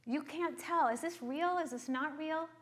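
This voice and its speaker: A woman's voice: high-pitched, unhurried. Earnest middle-aged woman therapist explaining. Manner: earnest, checks in with frequent rhetorical questions. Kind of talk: explaining to an audience.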